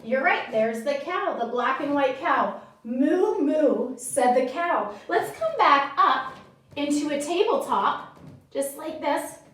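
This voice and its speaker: Very high-voiced, unhurried woman yoga teacher. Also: lively intonation. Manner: gentle, encouraging, cueing breaths and moves. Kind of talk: guided children's yoga with storytelling. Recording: echoey room, distant mic.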